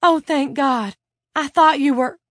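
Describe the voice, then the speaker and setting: A woman's voice: sits high, a little slow, no echo, clean studio sound, pitched above the performer's own voice. Woman voicing a desperate, tearful woman inmate. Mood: pleading. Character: frightened middle-aged woman inmate, pleading.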